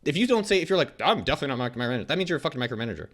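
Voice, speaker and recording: Fast-talking blunt man. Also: mid-range voice, very animated, fairly bright tone. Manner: blunt, fast, swears freely, acts out quotes. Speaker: guest entrepreneur. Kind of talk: casual interview chat.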